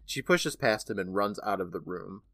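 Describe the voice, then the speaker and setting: A man's voice: deep voice, lively intonation, moderate pace, sharp tone, no room sound. Man recapping a show, dry close sound. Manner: playful retelling, often turns to his co-host by name. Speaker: podcast co-host. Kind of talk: casual episode recap.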